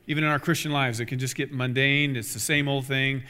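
Middle-aged male pastor, earnest exhorting sermon, mid-pitched voice, long church reverb. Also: steady tone, brisk, bright, forceful tone, clear, resonant tone. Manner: earnest, exhorting, repeats key phrases. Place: church sanctuary.

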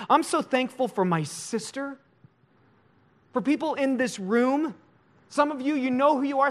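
A male pastor preaching a sermon in an emotional, confessional way, swinging from loud to hushed. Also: high voice.

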